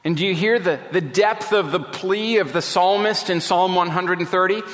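A man preaching a sermon as a pastor, slow and emphatic with dramatic pauses. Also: high-pitched, a bit bright, long reverb tail. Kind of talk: radio sermon.

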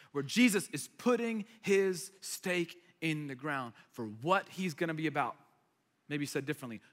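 A man preaching a sermon as pastor, conversational and animated, with repeated asides before a live audience. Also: sits high. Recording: long hall reverb.

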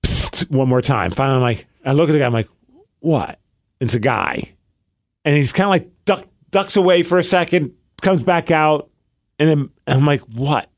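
A man co-hosting a podcast, telling a story in casual chat and acting out quoted lines in a hushed voice. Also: fairly high pitch, moderate pace, no echo, clean studio sound. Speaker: podcast co-host.

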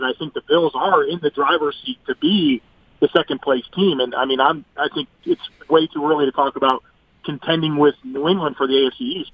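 A man giving measured football analysis as a guest on a sports radio show, heard over a phone line. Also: mid-range voice, no room sound. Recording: tinny phone line, dry.

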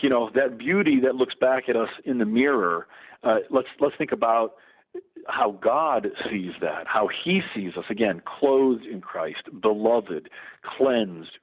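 This middle-aged man, a Lutheran campus pastor, comes through a tinny phone line as a radio guest. His voice is husky and on the low side, and he talks earnestly but haltingly, often starting his sentences over.

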